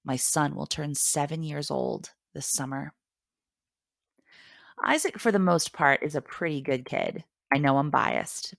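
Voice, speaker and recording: A woman in her thirties with a low voice reads her personal essay with a wry, playful storyteller's touch. She is recorded dry and close on a studio mic. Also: creaky, fairly bright tone, no room sound. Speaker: podcast host. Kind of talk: reading her own personal essay aloud.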